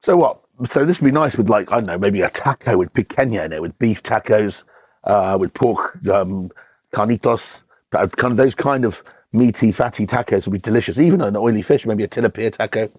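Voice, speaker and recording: A man's voice: lowish voice, fairly quick, a little mellow, husky, no echo, dull audio. Chatty man tasting wine. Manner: chatty and enthusiastic, with frequent ums and restarts. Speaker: wine reviewer and show host. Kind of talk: casual wine tasting chat.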